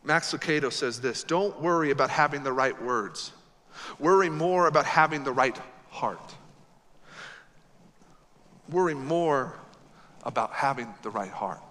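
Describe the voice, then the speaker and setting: A male pastor preaching a sermon in a church, emphatic, swinging between loud exhortation and quiet earnest lines. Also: mid-range voice, lively intonation, unhurried, pauses often. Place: church sanctuary. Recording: long hall reverb.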